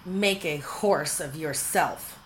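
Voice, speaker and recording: A woman's voice: low voice, takes it slowly, a little hiss or hum. A woman voicing a spoiled, scheming young woman who snaps impatiently. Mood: petulant. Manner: snappish, impatient.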